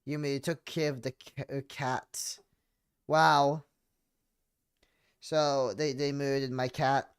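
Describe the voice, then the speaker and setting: A man streaming a horror game, commenting playfully and breaking into loud excited yelps and meows. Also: medium pitch, takes it slowly, clear, resonant tone.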